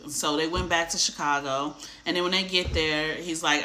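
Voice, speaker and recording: A woman casually retelling a book chapter, acting out the characters' lines in animated voices. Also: sits low, normal speed, hardly any pauses, echoey room. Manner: chatty, acts out quotes in animated voices. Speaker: book discussion host.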